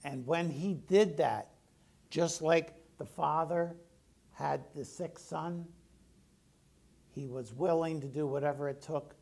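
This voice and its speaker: Preacher: man with a fairly high, gravelly voice, chatty sermon style, asks the room questions. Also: slow, pauses often, darkish tone. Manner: conversational, asks the congregation questions. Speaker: pastor.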